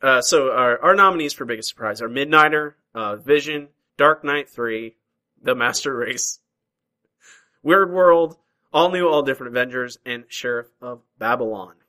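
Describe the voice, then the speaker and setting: A man's voice: medium pitch, expressive, moderate pace, pushed and bright, poor audio. A man hosting a casual podcast chat, chatty and easygoing, often restarting his sentences. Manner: chatty, hesitant restarts, laughs easily. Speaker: podcast host.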